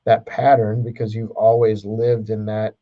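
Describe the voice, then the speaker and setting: A man's voice: lowish voice, completely flat delivery, unhurried, phone-quality sound. A man co-hosting a casual podcast, talking with many fillers and restarts. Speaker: podcast co-host. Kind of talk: casual chat.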